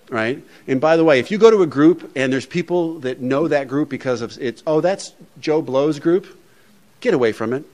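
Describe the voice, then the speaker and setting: Addressing a recovery meeting before an audience in a meeting room, a man speaks plainly and with humor, conversationally, often saying "you know." His voice is medium-pitched with a darkish tone.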